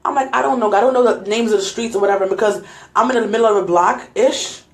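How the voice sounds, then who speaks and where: A woman's voice: medium pitch, fast talker. Young woman telling viewers a scary story, shaky nervous laughs, roomy echo. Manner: shaken, retelling a scary night, nervous laughs. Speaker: vlogger. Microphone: phone.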